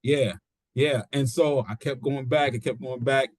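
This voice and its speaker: A middle-aged man, a pro wrestler being interviewed, telling his story casually and acting out quotes in an animated way. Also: medium pitch, unhurried, no echo. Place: studio.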